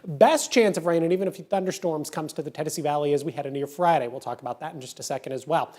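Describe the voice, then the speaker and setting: A man's voice: a little high, racing, darkish tone. A man presenting the TV weather forecast in a chatty, upbeat way. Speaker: meteorologist.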